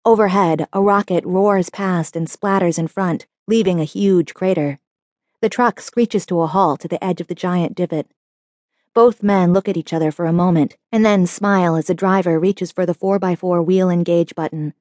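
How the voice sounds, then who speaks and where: A woman narrating a short story audiobook in an even, descriptive storytelling manner. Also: on the low side, moderate pace, dry recording. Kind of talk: scripted narration.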